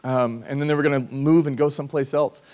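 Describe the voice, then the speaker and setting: Earnest pastor telling a personal story. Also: male voice, medium pitch, steady tone, quick pace, a little mellow. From Georgia, USA. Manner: conversational, earnest, acts out quoted voices. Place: church service.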